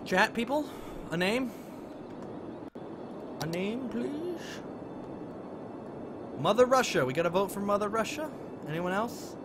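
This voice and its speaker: A man's voice: high-pitched, animated, fairly quick, background noise. A man chatting through live-stream gameplay commentary, thinking aloud and gushing with delight as he talks to his viewers. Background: game music.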